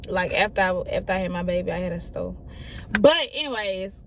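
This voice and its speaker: A woman's voice: on the low side, expressive, fairly quick, gravelly, fairly bright tone, slight background noise. A young woman telling a personal story in a casual, chatty way, often repeating herself and talking straight to her listeners. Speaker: storyteller vlogger.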